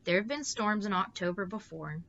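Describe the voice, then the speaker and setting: A calm, practical mother speaks briskly and lightly, as a woman reads her aloud. Her voice is bright and even-toned. The audio is slightly muffled with a faint hiss. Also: medium pitch.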